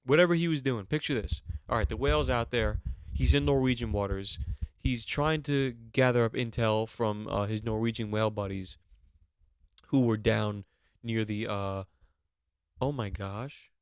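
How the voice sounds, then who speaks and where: A man hosting a podcast, going on an animated, mock-outraged comedic rant with plenty of swearing. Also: lowish voice, moderate pace, clean tone, no room sound, studio quality. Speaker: podcast host.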